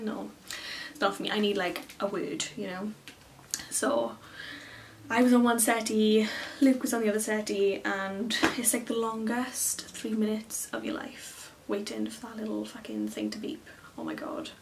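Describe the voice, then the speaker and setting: A chatty Englishwoman in her early 20s, a beauty vlogger, speaks to camera in a mid-range voice at normal speed, excitedly retelling a story with rambling and many fillers. The mic is slightly distant, with slight background noise.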